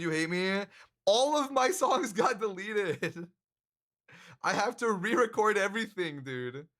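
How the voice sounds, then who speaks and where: A man's voice: high-pitched, fairly bright tone. Joking, swearing young-sounding man streamer. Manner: joking, laughs often, swears casually. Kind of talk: casual livestream chat. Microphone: handcam stream mic.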